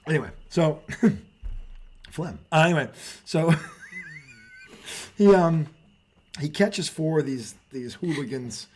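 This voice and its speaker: Homme qui discute sur un ton décontracté, voix voilée et légèrement aiguë, débit vivant et très expressif. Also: male voice, on the high side, slow pace, long pauses. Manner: animated storytelling, swearing, laughing. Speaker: co-host. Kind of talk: casual sports talk banter.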